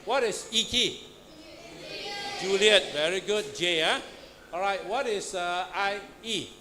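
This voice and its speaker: A man leads a classroom lesson, quizzing students out loud and tossing in "huh?" and "all right" between questions. The recording is noisy, with a clear hiss of room noise behind him. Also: high-pitched, slow pace. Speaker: Pathfinder class instructor. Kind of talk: interactive classroom teaching. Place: church classroom.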